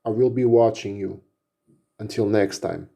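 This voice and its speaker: Grim shadow wizard, vengeful, dark mellow voice, slow solemn delivery, as a man puts him on. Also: fairly low pitch, gravelly. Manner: solemn, vowing.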